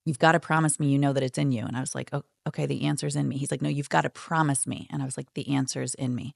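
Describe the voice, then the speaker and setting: Low, gravelly-voiced woman telling her story. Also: steady tone, fast talker, no room sound, clean studio sound. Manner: reflective, acts out quoted friends and therapist. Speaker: podcast guest. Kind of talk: candid storytelling.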